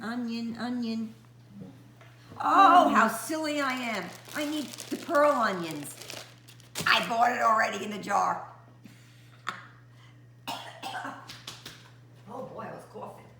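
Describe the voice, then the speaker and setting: A woman's voice: fairly high pitch, bright, forceful tone, a little hiss or hum. A woman hosting a cooking show, chatting her way through each step in her kitchen and humming to herself. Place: home kitchen. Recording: echoey kitchen with frying sounds.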